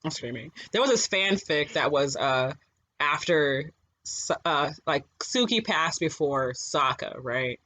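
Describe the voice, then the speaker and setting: A podcast co-host chats casually at a middle pitch. The delivery is animated and rambling, full of fillers and quick laughs. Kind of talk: casual chat.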